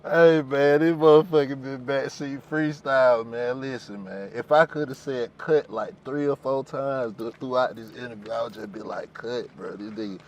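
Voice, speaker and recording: A man hosting a podcast, reacting in a relaxed way. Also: medium pitch, normal speed, hardly any pauses, slight background noise. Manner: brief laid-back reactions. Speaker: podcast host. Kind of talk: casual chat.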